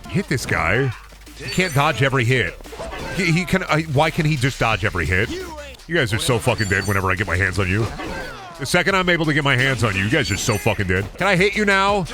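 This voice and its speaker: Man, game streamer, profane, joking, lively pitch, loud music behind. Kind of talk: casual gameplay commentary.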